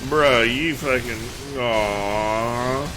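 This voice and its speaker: A man streaming a game live, chatting casually in a loud, profane, joking way. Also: medium pitch, very slow, over music. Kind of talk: casual livestream chat while gaming.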